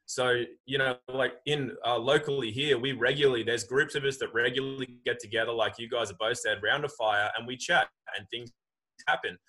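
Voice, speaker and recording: A man's voice: medium pitch, fairly even intonation, a little fast, bright, forceful tone, low-quality recording. A man in casual conversation, talking animatedly and acting out quoted voices.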